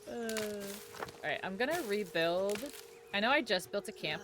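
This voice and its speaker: A woman's voice: medium pitch, expressive, a little slow. A woman live-streaming a game, chatting in a rambling, jokey way and swearing casually as she plays. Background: game music.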